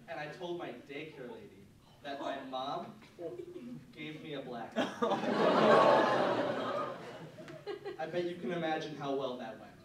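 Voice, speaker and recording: A young man doing a stand-up set, telling self-deprecating stories in a rambling, filler-heavy way, recorded live on a club stage. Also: fairly high pitch. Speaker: stand-up comedian. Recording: very roomy live club audio, distant, loud background noise. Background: audience laughter.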